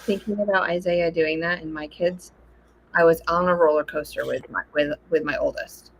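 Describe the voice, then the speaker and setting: A woman co-hosting a casual chat, telling stories in an animated way and acting out what people said. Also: on the low side, moderate pace, vocal fry, low-quality recording. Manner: animated storyteller, acts out quotes.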